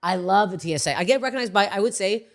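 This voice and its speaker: A woman's voice: medium pitch, quick pace. A woman in her thirties hosting a podcast, telling stories in a casual chat, acting out people's voices and swearing freely. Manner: animated storytelling, acts out people's voices. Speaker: podcast host.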